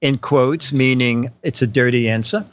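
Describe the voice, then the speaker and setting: A man's voice: mid-range voice, normal speed. A man hosting a casual live-stream chat, laughing often and reading out game show questions. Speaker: host. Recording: dull lo-fi stream audio with faint music.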